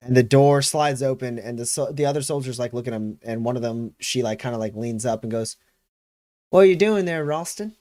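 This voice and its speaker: A man's voice: medium pitch, flat delivery, fairly quick, hardly any pauses, darkish tone, no room sound. Guy gm narrating a tabletop game, laughs a lot, dry sound. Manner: laughing, rambling, lots of fillers. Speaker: game master.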